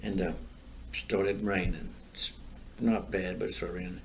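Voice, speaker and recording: An older man with a low, gravelly voice tells rambling stories, circling back over the same lines and chuckling at his own punchlines. He talks in a loose, easy chat recorded outdoors, with a faint hiss of noise underneath. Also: flat delivery, unhurried. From Florida. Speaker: storyteller guest. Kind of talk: casual storytelling chat.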